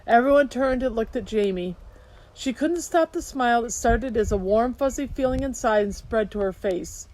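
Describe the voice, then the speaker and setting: A woman reading a children's novel aloud in steady storytelling narration. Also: fairly high pitch, moderate pace, low-quality recording. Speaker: audiobook narrator. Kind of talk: scripted narration. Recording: hiss behind voice.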